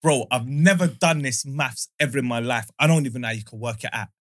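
A man's voice: medium pitch, fast talker. A man, a podcast co-host reacting in casual chat with exclamations.

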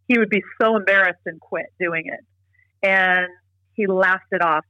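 A woman's voice: fairly low pitch, fairly even intonation, a little slow, sharp tone, dry recording, muffled recording. A middle-aged woman speaking as an interview guest. She talks earnestly and emphatically, often restarting her sentences. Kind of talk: casual interview talk.

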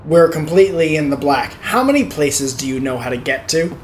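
A man hosting a podcast, chatting casually with quick jokes and crude asides. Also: a little high, animated. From Connecticut. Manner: joking, swearing, quick asides. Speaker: podcast host. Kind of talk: casual comedic chat. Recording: echoey room, faint noise.

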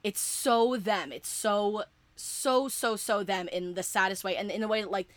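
A woman's voice: medium pitch, unhurried, dry recording. A young woman chatting casually and emphatically with a friend, full of fillers and swearing. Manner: excitable, emphatic, swears often, many fillers. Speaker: fan podcaster. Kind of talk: casual chat.

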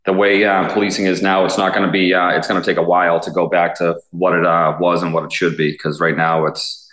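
A man's voice: low voice, little pitch movement, a little fast, a bit bright, reverberant, rough recording. A man, a police officer in his thirties, telling stories in a casual interview, rambling with lots of fillers and swearing. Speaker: police officer, SWAT guest.

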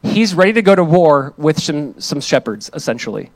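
In a dry, close recording without echo, a young pastor breaks from his sermon into a spirited personal anecdote. He tosses in fast asides and acts out quotes, his voice sitting rather high for a man, with barely any room sound.

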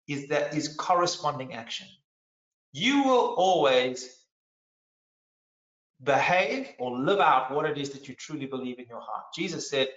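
A man's voice: on the high side, bright, forceful tone, echoey room, dull audio. A man preaching a sermon as pastor, earnest and emphatic, often restarting his phrases.

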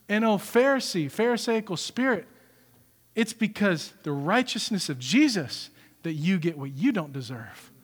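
A man preaching a sermon as pastor, animated, acting out the story's characters as he goes. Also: high-pitched, big-room sound.

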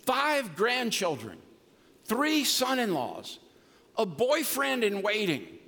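A man's voice: high voice, huge pitch swings, takes it slowly, pushed and bright. An older man preaching a sermon as pastor, emphatic and folksy with humor. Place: church sanctuary. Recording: long reverb of a large hall.

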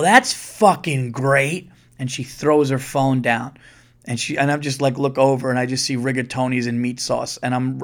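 A man hosting a podcast, telling a story in casual monologue, acting out other people's lines and swearing freely. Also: mid-range voice. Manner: swears freely, repeats words when excited. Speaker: podcast host.

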